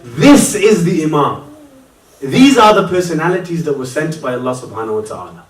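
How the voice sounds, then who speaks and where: A man's voice: on the high side, sing-song, fairly quick. A man preaching a Muharram sermon, telling a story with mounting passion that swells into lament. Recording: echoey hall, voice from a distance.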